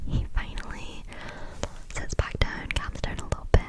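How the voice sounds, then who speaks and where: A woman's voice: normal speed, poor audio. A young woman, ranting about a bad day at work in a whispered ASMR style, chatty with lots of fillers. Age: young adult. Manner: chatty storytelling with many fillers. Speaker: vlogger.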